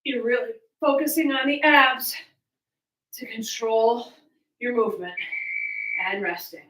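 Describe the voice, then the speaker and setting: A woman's voice: on the high side, unhurried, fairly bright tone, roomy sound, far from the mic, rough recording. A woman fitness coach, out of breath, counting reps and cueing moves while she exercises along in a small room at home. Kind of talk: coaching a live home workout.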